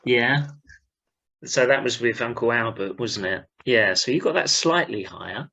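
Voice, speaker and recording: A man's voice: mid-range voice, expressive, measured pace, vocal fry, pushed and bright. A man hosting a podcast in casual chat, upbeat and prompting the others to speak. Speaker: podcast host.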